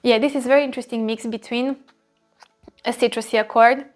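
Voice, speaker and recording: A woman's voice: on the high side, fairly even intonation, a little fast, faint music behind. A woman reviewing fragrances in a casual video, gushing and repeating phrases as she searches for words.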